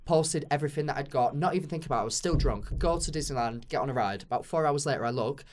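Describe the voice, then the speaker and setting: A man's voice: fairly high pitch, quick pace, a little mellow, slight background noise. A man with a British accent, a podcast guest telling a crude, self-mocking story in casual chat, with lots of fillers.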